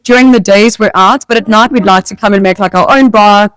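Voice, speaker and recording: A woman's voice: medium pitch, a little fast, fairly bright tone, clear, resonant tone, dry recording, poor audio. A South African woman co-hosting a casual podcast, telling stories in a chatty way with many "like" fillers. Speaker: podcast co-host. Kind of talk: casual chat.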